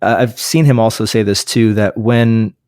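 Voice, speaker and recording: A pastor chatting as a podcast guest, discussing a book casually with many restarts and fillers. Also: male voice, on the low side, steady tone, moderate pace, a little mellow, dry recording, clean studio sound.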